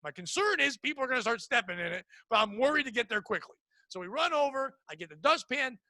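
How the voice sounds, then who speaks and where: A man's voice: extremely high pitch, animated, fast, pushed and bright, no echo. A man in his forties hosting a podcast, telling comic stories in a casual, self-deprecating way and swearing freely. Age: 40s. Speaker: podcast host. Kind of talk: casual comedic storytelling.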